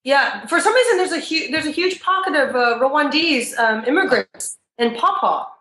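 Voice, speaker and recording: A woman from Texas, a podcast interview guest, talking in a chatty, animated way with frequent ums. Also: high-pitched, normal speed, roomy sound. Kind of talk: casual conversational interview.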